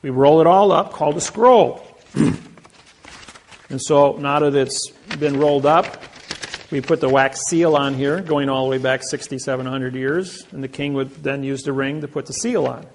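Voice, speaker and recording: A man's voice: mid-range voice, normal speed. A man speaking to a live audience, telling boastful stories and acting out the quotes of others. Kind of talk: anecdotal lecture to a live audience.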